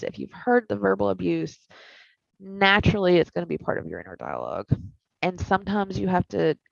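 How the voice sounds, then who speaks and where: A woman therapist teaching a skills class in a candid, animated, conversational way. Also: mid-range voice, gravelly, dry recording. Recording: dull lo-fi recording.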